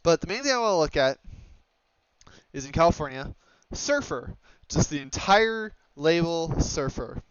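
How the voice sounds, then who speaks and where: Young male student presenter, slightly high, hesitant and full of fillers. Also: big pitch swings, measured pace, clean tone, no room sound. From Oregon, USA. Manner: hesitant, many fillers and self-corrections. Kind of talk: slide presentation on dialect maps. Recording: slightly dull lo-fi mic.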